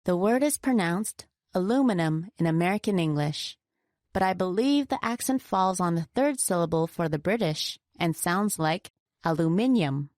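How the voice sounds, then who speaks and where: A woman's voice: fairly low pitch, animated, a little mellow, no echo. Woman teaching pronunciation, dry close sound. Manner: slow, deliberate stressing of example words. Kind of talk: scripted co-hosted lesson.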